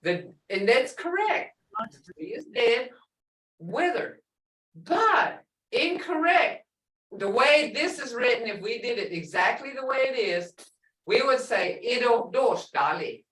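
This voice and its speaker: Teacher, woman, middle-aged, twang, high and animated but slow, mic a bit far in a roomy hall. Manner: lively, drawn-out teaching with slow spelled-out phrases. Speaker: language teacher. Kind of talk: classroom language lesson. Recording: echoey room, voice a bit off-mic.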